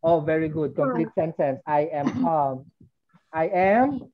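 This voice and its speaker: Lower-voiced woman teaching kids online. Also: animated, a little slow, muffled recording. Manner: patient, prompting, drills answers. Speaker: English teacher. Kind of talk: online class with young children. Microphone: computer mic on a video call.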